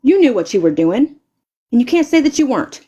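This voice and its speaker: A woman's voice: high voice, very animated, fairly quick, mellow, breathy edge. A woman live streamer delivering an angry, confrontational rant, stammering and repeating words and swearing heavily.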